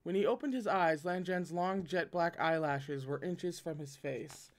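A man's voice: a little high, a little slow. A man reading a novel aloud with commentary, often stumbling, correcting himself and breaking off into joking asides. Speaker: reader and commentator.

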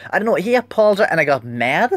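A young man telling a rambling, halting story in a casual vlog, often searching for words. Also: high voice, sing-song, fairly bright tone, dry recording. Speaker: vlogger.

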